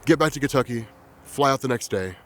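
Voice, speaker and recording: A man quietly telling a personal story in a halting, reflective way. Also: mid-range voice, animated, slight background noise. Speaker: vlogger.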